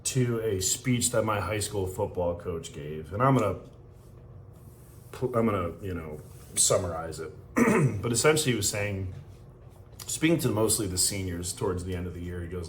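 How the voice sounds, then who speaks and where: A man's voice: sits low, lively intonation, normal speed, slight background noise. A man hosting a podcast, delivering a fervent, emotional motivational monologue. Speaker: podcast host. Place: hotel room.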